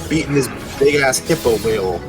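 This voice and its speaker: A man's voice: medium pitch, animated, brisk. A man streaming a game, chatting casually and laughing a lot. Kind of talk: casual gameplay commentary. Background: game music.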